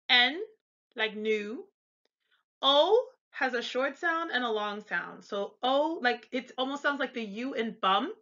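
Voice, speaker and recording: A woman's voice: fairly high pitch, pushed and bright, muffled recording. A woman with an American accent teaching pronunciation, explaining each sound and sometimes stopping to correct herself. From United States. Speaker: language tutor. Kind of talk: pronunciation lesson.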